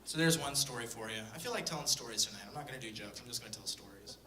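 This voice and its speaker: A man's voice: medium pitch, racing, recorded from a distance, very noisy. Profane young man doing stand-up storytelling. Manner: profane, deadpan storytelling with acted-out quotes. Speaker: stand-up comedian. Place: comedy stage before a live audience. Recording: echoey room, voice from afar.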